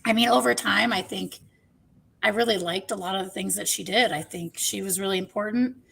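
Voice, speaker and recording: A woman guest on a podcast who talks frankly and chattily, with animated asides. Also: mid-range voice, a little fast, vocal fry, slight background noise. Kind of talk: casual discussion.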